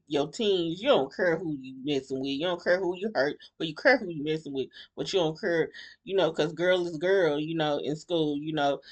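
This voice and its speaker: A woman vlogger giving a casual, blunt commentary on a reality show, rambling and animated with slang and many restarts. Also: mid-range voice. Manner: blunt, fired-up opinions.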